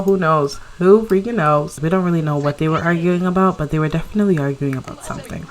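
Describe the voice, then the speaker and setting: Cheering on her character, a young woman gives chatty, giggly commentary over her life-sim let's play. She talks low-pitched and fast, with few pauses.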